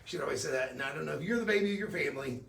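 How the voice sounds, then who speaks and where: Shopping host: middle-aged man, slightly high, gravelly voice, chatty upbeat sales patter, echoey studio with a distant mic. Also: animated, very fast, a bit bright. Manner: chatty, upbeat, tells personal stories. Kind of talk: live-stream jewelry sales pitch.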